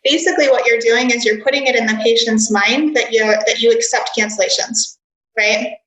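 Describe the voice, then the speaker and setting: A woman's voice: a little high, brisk. Upbeat woman coach in a roomy space. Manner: energetic, giggly, instructive. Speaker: dental practice coach. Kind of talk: workshop teaching.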